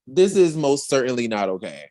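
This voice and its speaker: A man hosting a podcast, telling a comic story in a slangy, animated way. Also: mid-range voice, fairly quick. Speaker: podcast host. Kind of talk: casual comic recap chat.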